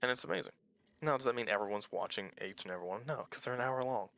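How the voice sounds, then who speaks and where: A man's voice: medium pitch, expressive, rapid-fire, vocal fry, fairly bright tone. A man giving casual, rambling let's-play commentary as a small YouTuber, candid and swearing easily. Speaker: small YouTuber playing a game.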